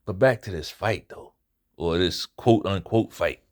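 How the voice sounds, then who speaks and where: On the boxing channel he hosts, a man with a low, darkish voice gives an unhurried, casual fight recap. He curses a lot, speaks bluntly, and restates his points for emphasis.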